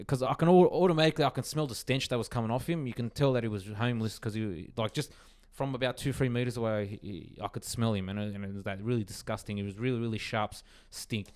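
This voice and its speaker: An Australian man on a podcast telling a long, rambling anecdote, animated and sweary, with lots of restarts. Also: mid-range voice, quick pace. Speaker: podcast co-host. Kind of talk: casual chat.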